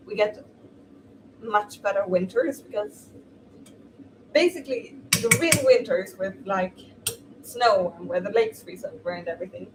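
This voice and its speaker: Chatty woman cooking, distant mic. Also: medium pitch. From Sweden. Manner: chatty, exclamatory, laughs easily. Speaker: streamer. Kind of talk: casual chat while cooking. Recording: distant mic with noisy background.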